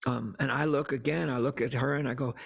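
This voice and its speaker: A man's voice: medium pitch, fairly even intonation, fairly quick, creaky, breathy edge. An older man, a songwriter, talking casually and earnestly about faith, often repeating words as he tells a story. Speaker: songwriter guest.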